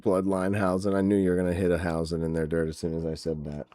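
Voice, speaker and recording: Low-voiced man ranting casually. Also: monotone, quick pace, warm tone. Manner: ranting, sarcastic, many fillers. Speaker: podcast host. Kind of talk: casual wrestling podcast rant.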